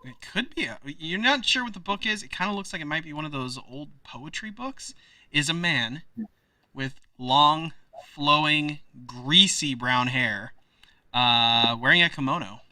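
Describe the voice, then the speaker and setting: A man running a tabletop role-playing game, describing scenes in a loose, rambling way full of fillers. His voice is fairly high and very bright, picked up dry and a little away from the mic. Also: animated, measured pace, dry recording, distant mic. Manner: rambling, many fillers like kinda and like. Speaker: game master.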